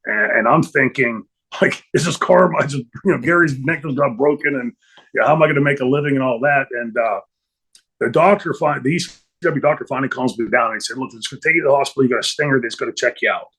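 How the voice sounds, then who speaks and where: Middle-aged male interview guest, husky and rambling, mid-pitched storyteller. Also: fast, fairly bright tone, low-quality recording. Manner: rambling, many fillers and restarts. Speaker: interview guest, former wrestler.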